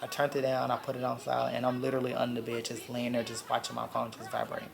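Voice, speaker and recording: Gravelly-voiced man. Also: mid-range voice, monotone, fast, noisy background. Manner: blunt, profane, dramatic retelling. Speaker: vlogger. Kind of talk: casual storytime vlog.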